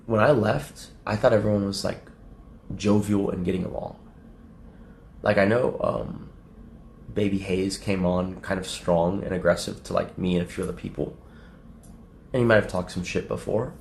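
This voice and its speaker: A young adult man streaming casually to his chat, profane and rambling, laughing often and acting out quotes in a high mocking voice. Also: vocal fry, echoey room, slight background noise. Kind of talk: casual livestream talk to chat.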